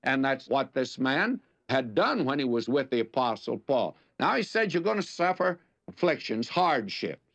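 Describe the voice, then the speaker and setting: A man's voice: medium pitch, sing-song, moderate pace, gravelly, hardly any pauses, fairly bright tone. An older man with a Southern US accent, teaching the Bible on the radio in a folksy, anecdotal way with dramatic emphasis. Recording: dull lo-fi radio recording.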